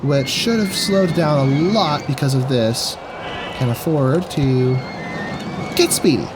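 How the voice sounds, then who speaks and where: A man's voice: a little high, slow, noisy background. A man giving casual gameplay commentary, thinking aloud as he works out his build. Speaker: gaming video creator.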